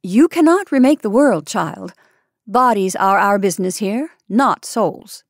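A woman's voice: medium pitch, lively intonation, measured pace, no echo, studio quality. A woman voicing a stern, commanding older senior nurse.

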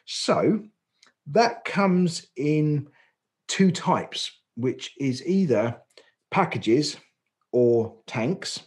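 A man's voice: a little high, expressive, extremely slow, a little mellow. An English man co-hosting a podcast, explaining licence training at length in casual chat, with frequent fillers and self-corrections. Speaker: podcast co-host.

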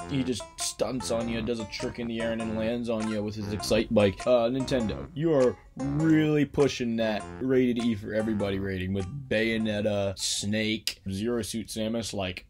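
Rambling man ranting for laughs. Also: on the low side. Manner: rambling, with sudden loud outbursts. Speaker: video host. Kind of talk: casual comedic rant.

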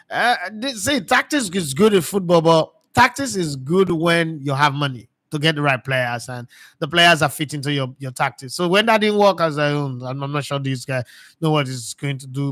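A man with a Nigerian accent hosts a casual sports talk show. His voice sits a bit high, and he talks in a lively, emphatic way, sometimes stumbling and repeating words. The sound is dry, with no room echo.

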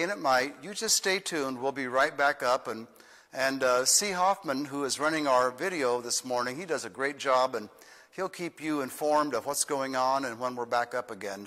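A man's voice: medium pitch, sharp tone, in a large hall. An older man, a pastor, singing a children's song and giving church announcements in a folksy, playful way. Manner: sings with guitar, folksy and playful.

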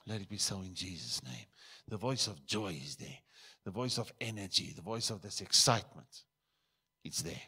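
A male pastor from South Africa preaching a sermon in a church, switching between loud emphatic bursts and quiet asides. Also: low voice, lively intonation, moderate pace, breathy edge.

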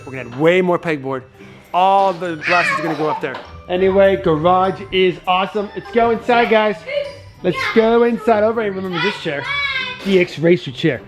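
Excitable dad giving a home tour. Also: male voice, high voice. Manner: excitable, exclamatory, talking to kids and viewers. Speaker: father and family vlog host. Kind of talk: casual home-tour vlog. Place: family home indoors. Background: background music.

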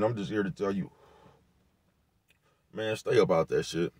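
A man with a lowish voice speaks in in a loose, repetitive rant. He drops slang and profanity all the way through, recorded dry and close with no room sound. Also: a little mellow, no room sound. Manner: laid-back, repetitive, peppered with slang and profanity. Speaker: vlogger giving commentary. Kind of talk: casual rant to camera.

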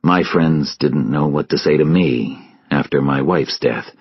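Man voicing a subdued, grieving officer in a storybook reading: very deep, slow and husky. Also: no room sound, highs cut off, full character voice. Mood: somber. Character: weary, grieving male officer, steady and quiet.

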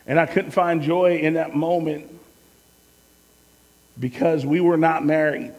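High-voiced pastor preaching in a hall. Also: male voice, fairly even intonation, unhurried. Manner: storytelling, swings from loud to hushed. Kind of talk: sermon. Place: church sanctuary.

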